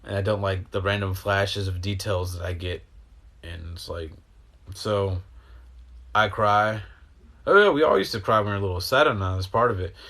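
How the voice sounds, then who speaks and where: A man with a somewhat low voice talks in a casual, meandering monologue. He drifts from thought to thought, swearing freely and speaking with open emotion. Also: moderate pace, fairly bright tone. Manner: meandering, profane, emotional stream of consciousness. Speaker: host. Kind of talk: rambling spiritual monologue.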